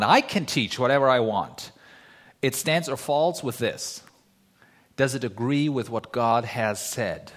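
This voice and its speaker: A man preaching a sermon as pastor, in a lively, joking, conversational way, asking rhetorical questions. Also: mid-range voice.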